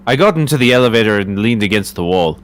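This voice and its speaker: A weary detective with a dry, matter-of-fact manner, read aloud by a man playing a narrative game. The voice sits a bit low and stays plain. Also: lively intonation, fast talker, slight background noise, close to an everyday voice. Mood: flat. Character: tired male detective, dry humor.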